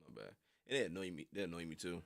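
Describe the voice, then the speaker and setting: A man's voice: sits low, very animated, fast talker, vocal fry, fairly bright tone, no room sound. A young man rambling casually on a livestream, full of slang and frequent laughter. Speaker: reaction streamer.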